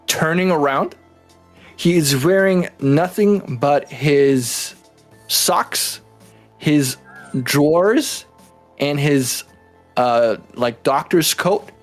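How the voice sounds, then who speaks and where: A man running a tabletop game, taking his time over every line at an unhurried pace. He jokes, swears and teases his players, with soft background music under his voice. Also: fairly high pitch. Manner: laughing, swearing, playful teasing. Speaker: game master.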